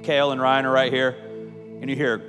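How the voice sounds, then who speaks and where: A man preaching a sermon as a youth pastor, energetic and jokey, mixing scripture with personal stories. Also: medium pitch, a little fast. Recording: reverberant hall with music behind.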